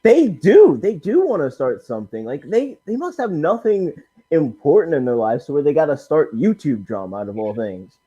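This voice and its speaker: A man co-hosting a casual live-stream chat, laid-back and leaning on fillers as he talks. His fairly high voice swings up and down a lot. He comes through dull, lo-fi call audio. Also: sing-song, normal speed, warm tone, husky.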